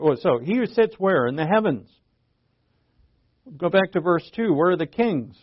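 A pastor in his fifties gives a conversational Bible sermon, posing rhetorical questions and frequently restarting sentences. His voice is high and animated at normal speed, captured on a dull lo-fi recording.

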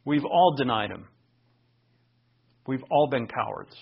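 A man preaches in an earnest, conversational tone, his voice gravelly and husky. The recording sounds a little dull and lo-fi. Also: mid-range voice, expressive, takes it slowly. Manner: earnest, conversational storytelling with personal asides. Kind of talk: sermon.

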